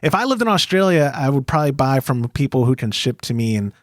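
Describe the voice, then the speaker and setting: A man's voice: medium pitch, sing-song, quick pace, no echo, clean studio sound. An American man co-hosting a podcast in a casual, rambling and joking way. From United States. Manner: rambling, self-deprecating, joking. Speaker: podcast co-host.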